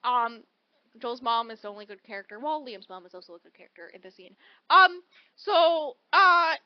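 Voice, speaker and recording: A woman's voice: high voice, no room sound, lo-fi sound. A woman co-hosting a casual book podcast, summarizing a story animatedly and acting out the characters' lines. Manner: animated, acts out character quotes. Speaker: podcast co-host.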